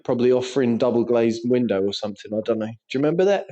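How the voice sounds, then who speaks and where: A young man co-hosting a football podcast in relaxed chat. He jokes, swears freely and laughs through his own stories. His pitch sits in an average middle range. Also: very fast, dull audio. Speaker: podcast co-host. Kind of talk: casual chat.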